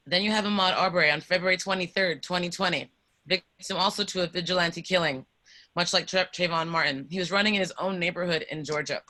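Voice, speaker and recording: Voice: medium pitch, sharp tone. A presenter on a video call, earnestly reading a timeline of events to an online group. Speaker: presenter on a panel.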